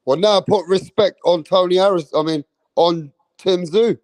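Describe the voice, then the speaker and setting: A cocky man runs a casual boxing live stream, swearing freely and calling out his viewers. His voice sits a little high for a man. The sound is close and dry with no room echo. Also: moderate pace, a little mellow. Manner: boastful, brash and profane, addressing the chat. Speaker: boxing channel host.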